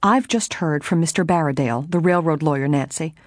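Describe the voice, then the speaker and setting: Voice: mid-range voice, fairly quick, no echo, clean studio sound, close to an everyday voice. A reader voicing a blunt, indignant older woman housekeeper, in an audiobook.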